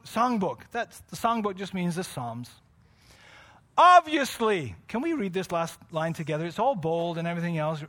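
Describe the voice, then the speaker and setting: Preaching man with a high, bright voice; loose and unscripted, moves from quiet confiding to shouted emphasis. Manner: swings from quiet and intimate to loud shouting; self-correcting, off-the-cuff asides. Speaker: pastor. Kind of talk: sermon.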